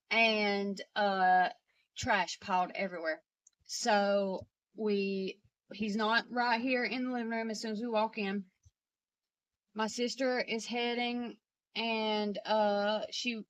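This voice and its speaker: A woman's voice: medium pitch, fairly bright tone. Woman telling a hard family story. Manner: halting, with many fillers and restarts. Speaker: vlogger. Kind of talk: personal storytelling to camera.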